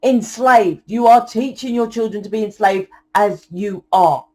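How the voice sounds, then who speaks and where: A young woman giving a channeled tarot reading in a forceful, blunt lecturing way, swearing often. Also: mid-range voice, a little slow. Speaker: tarot reader.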